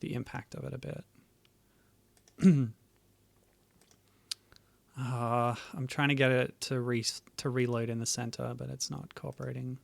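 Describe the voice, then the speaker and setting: A man hosting a game stream in a relaxed, chatty way, thinking aloud and laughing often. His middle-pitched voice has a gravelly, creaky edge. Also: unhurried, pauses often, no room sound. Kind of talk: casual livestream chat.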